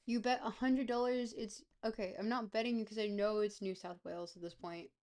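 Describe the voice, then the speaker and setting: A woman giving casual, playful gameplay commentary as a streamer, thinking out loud as she goes. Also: medium pitch, fairly even intonation, fairly quick. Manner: playful, thinks aloud, chatty.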